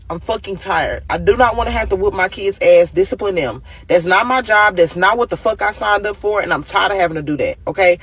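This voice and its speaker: A woman's voice: medium pitch, a bit bright, slightly rough. A single mother venting in an exhausted, upset and profane way. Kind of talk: emotional vent.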